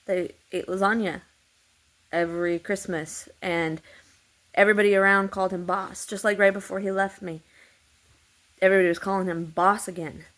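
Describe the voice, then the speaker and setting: A woman's voice: medium pitch, fairly even intonation, normal speed, long pauses, a bit bright, rough recording. A woman telling a long personal story in a meandering, repetitive way, swearing freely. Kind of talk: rambling personal monologue.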